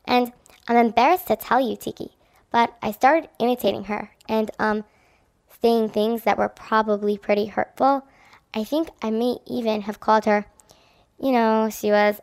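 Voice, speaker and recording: A woman voicing a hurt, shy young girl who is new at school, in a children's audio drama, speaking softly and hesitantly. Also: fairly high pitch, gravelly. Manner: soft, hesitant, confiding.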